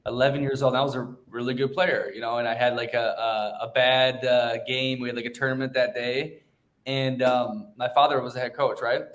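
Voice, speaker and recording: A young man talks casually on a podcast in a middle-pitched voice, blunt and full of swearing. He tells stories with animated emphasis and a straightforward, confident delivery. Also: brisk. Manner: blunt, profane, animated storytelling. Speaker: podcast host.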